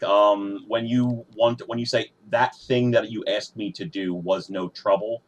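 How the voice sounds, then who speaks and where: A man hosting a podcast in casual chat, relaxed and patient when he explains things, swearing offhandedly. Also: fairly low pitch, measured pace, muffled recording. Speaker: podcast host.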